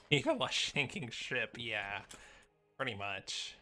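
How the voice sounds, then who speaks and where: Bright-voiced American man streaming a game. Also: mid-range voice. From United States. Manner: rambling, easygoing, muttering asides while playing. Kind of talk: casual live game stream, answering chat.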